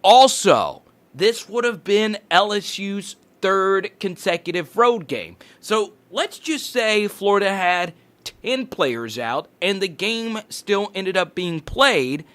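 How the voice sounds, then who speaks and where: A man hosting a sports channel, giving energetic, fast-talking commentary and sometimes correcting himself mid-sentence. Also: high-pitched.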